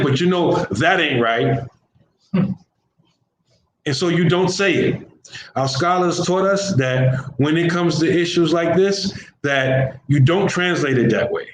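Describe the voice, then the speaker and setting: A man teaching an informal religious lesson, talking conversationally in everyday slang and often repeating his phrases. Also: mid-range voice. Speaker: Islamic teacher. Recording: roomy echo with faint background hiss.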